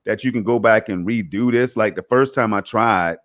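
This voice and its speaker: Laid-back low-voiced man chatting about games. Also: normal speed, fairly bright tone. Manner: laid-back, slangy, peppers talk with "man" and "bro". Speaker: podcast host. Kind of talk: casual gaming podcast chat.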